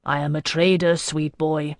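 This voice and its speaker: A man's voice: fairly high pitch, flat delivery, normal speed, dry recording, clean studio sound, lightly acted. A narrator voicing a desperate male trader who pleads in a wheedling, trembling tone, in a fantasy audiobook. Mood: pleading.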